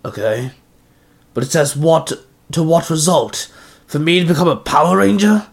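A man voicing a gruff male Duke Orc warrior who barks and growls his lines. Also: mid-range voice, slow.

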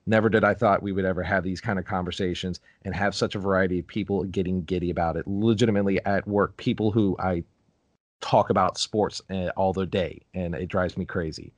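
A man's voice: low voice, fairly even intonation, fairly quick, no room sound. A man co-hosting a podcast in casual chat, rambling, laughing often and wandering off on tangents. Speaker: podcast co-host.

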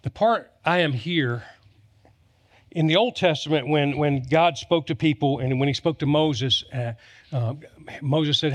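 A man's voice: a little high, normal speed. Emphatic preacher, man. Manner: storytelling with humor, emphatic repetition. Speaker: pastor. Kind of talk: sermon.

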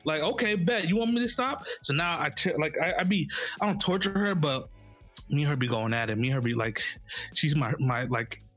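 Playful rambling young dad. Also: male voice, on the high side, fairly quick, fairly bright tone, faint music behind. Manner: playful, rambling, self-mocking. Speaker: podcast co-host, father of a toddler. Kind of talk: casual chat.

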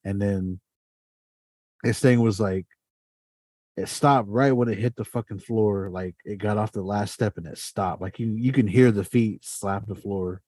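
Man, podcast host, loose storyteller, cursing freely, dry close sound, warm tone. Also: on the low side, a little slow, dry recording. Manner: animated, swears often, heavy fillers. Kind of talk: casual storytelling.

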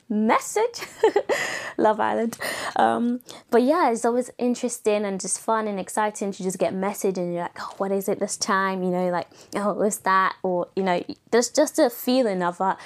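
Raspy young woman chatting. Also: mid-range voice, darkish tone. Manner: chatty, playful, laughs often, filler-heavy. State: voice going raspy. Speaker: podcast host. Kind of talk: casual solo podcast chat.

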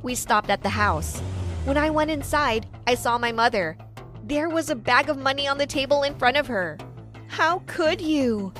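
A woman narrating an animated story in the first person with a dramatic storybook delivery. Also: sits high, normal speed, soft background music.

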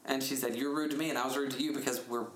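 A man in his thirties telling a story in a casual chat, animated and laughing often, his pitch jumping up when he retells things. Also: very fast. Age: 30s. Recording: echoey room with faint noise.

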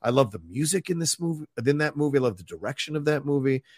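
A man's voice: on the high side, lively intonation, fast, darkish tone, no echo, clean studio sound. A man co-hosting a live film podcast, chatting casually in a rambling way and reading viewer comments aloud. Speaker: podcast co-host.

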